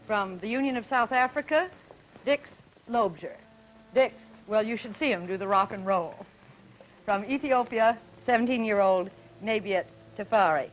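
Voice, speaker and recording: A woman moderating a 1950s broadcast student panel, asking poised, brisk questions and introducing guests. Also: fairly high pitch, a little hiss or hum, rough recording.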